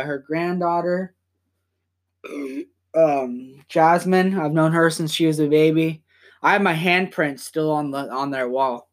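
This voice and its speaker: A young man hosting a casual podcast from home, rambling and swearing as he talks in quick bursts. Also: a little high. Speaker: podcast host.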